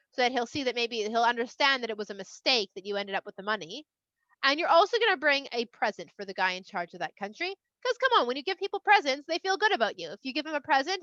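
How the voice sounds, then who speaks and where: A woman's voice: high voice, pushed and bright, dry recording, highs cut off. Woman doing a firm cautious father. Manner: firm, explaining.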